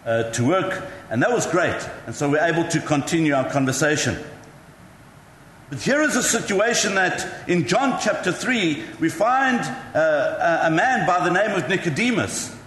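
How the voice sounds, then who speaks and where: A man's voice: on the high side, a bit bright, slight background noise. A male pastor preaching a sermon, telling chatty, self-mocking stories to the congregation. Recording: echoey hall with faint ambience.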